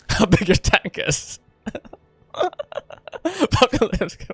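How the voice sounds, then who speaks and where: A playful man chats casually with his viewers while he plays a game, often breaking into laughter. His voice sits a little high for a man, and the sound is close and dry with no room behind it. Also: sing-song, very slow, fairly bright tone, husky, no room sound, soft background music. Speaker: streamer. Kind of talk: casual live gameplay chat.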